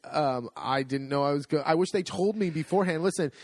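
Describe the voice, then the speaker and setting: A middle-aged man telling a story in a casual chat, animated and amused, acting out the lines of the people in it. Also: fairly high pitch, brisk, no room sound. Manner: animated, amused storytelling with restarts and acted-out quotes. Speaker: podcast co-host.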